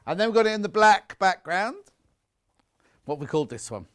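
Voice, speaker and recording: Chatty, animated male shopping-channel presenter. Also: a little high, moderate pace, clean tone. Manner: chatty, jokey, teasing the crew.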